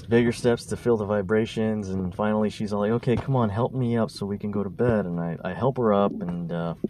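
A man's voice: deep voice, noisy background. A man hosting a podcast, telling a story casually and rambling, with stutters and restarts. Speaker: podcast host.

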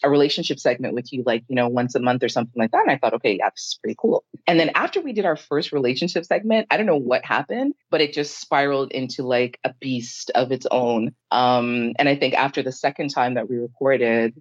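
A woman's voice: extremely low pitch, fairly quick, hardly any pauses, no room sound. Woman podcast co-host, chatty and emotional, dry lo-fi sound. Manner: emotional, rambling, lively storytelling. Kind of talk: casual podcast chat.

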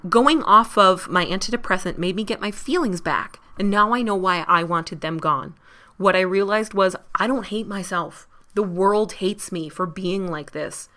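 A woman's voice: medium pitch, normal speed, pushed and bright, lightly acted. A woman voicing a frustrated, hurt young woman who insists on her own decisions, earnest and pleading.

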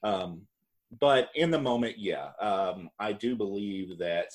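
A man with a fairly low voice talks through a reality-show recap in loose, casual chat. He rambles, restarts his sentences, and laughs along with his co-host. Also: lively intonation, takes it slowly. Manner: rambling, self-correcting, laughs often. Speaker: podcast co-host.

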